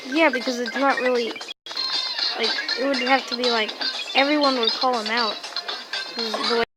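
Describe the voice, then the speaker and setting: A teenage girl chatting casually and excitedly while playing a mobile game. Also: on the high side, low-quality recording. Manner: chatty, excitable, quick to exclaim. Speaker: gamer. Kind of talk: casual gameplay chat. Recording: loud game music behind. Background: game music.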